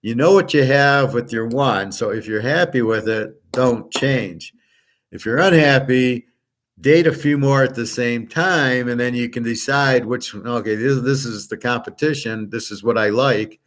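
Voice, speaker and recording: A man's voice: mid-range voice, measured pace, fairly bright tone. A man hosting his own channel, talking in a rambling, blunt casual monologue and swearing freely. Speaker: host of a picks and markets channel.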